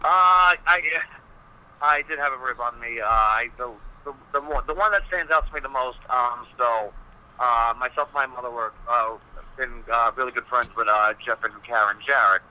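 A man's voice: medium pitch, moderate pace, sharp tone, smooth, poor audio. A man, a wrestling personality, telling stories in a casual podcast interview, rambling with many fillers and swearing freely.

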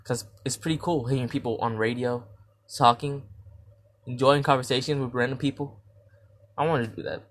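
A young man hosting his first podcast, retelling a dream in a casual, rambling way with slang and restarts. He acts out his own reactions, jumping suddenly from loud, high shouts to quiet mutters. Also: moderate pace, long pauses. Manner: animated retelling that acts out his own reactions with big jumps in pitch and loudness. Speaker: podcast host. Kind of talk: casual dream storytelling monologue.

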